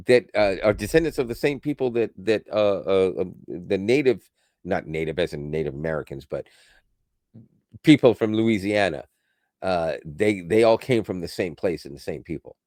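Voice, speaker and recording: A man co-hosting a podcast in casual chat, animated, laughing often and dropping into quick impressions. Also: deep voice, dry recording, clean studio sound. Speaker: podcast co-host.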